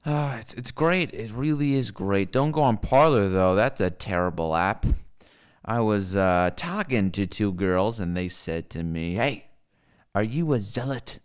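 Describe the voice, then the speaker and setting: A man's voice: on the low side, expressive, measured pace, clean tone. A man streaming alone, giving a rambling, profane, sardonic rant. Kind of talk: unscripted solo rant.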